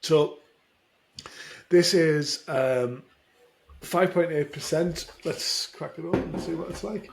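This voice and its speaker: A man co-hosting a casual podcast chat, rambling and self-deprecating with halting restarts. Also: on the high side, a little hiss or hum. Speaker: podcast co-host.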